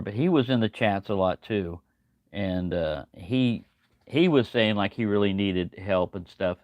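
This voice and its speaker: A man's voice: lowish voice, no room sound. Older man rambling on a livestream. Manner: rambling, folksy, talks to chat viewers by name. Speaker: livestream host. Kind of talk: casual rambling livestream chat. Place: home, early morning.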